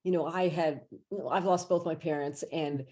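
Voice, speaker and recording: Over a video call, a woman hosts a podcast interview, chatty and enthusiastic as she heaps effusive praise on her guest. Her low voice is steady and a little mellow, at a normal speed.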